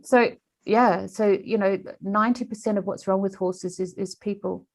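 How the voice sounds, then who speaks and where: A woman, an animal communicator, telling a story in an interview in an animated way, with frequent restarts. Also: medium pitch, moderate pace.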